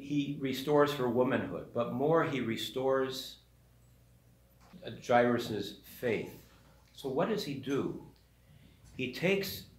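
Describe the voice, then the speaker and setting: A man, a parish priest, giving a sermon in a conversational storytelling manner and briefly acting out the voices in the story. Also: mid-range voice. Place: church. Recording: echoey church room.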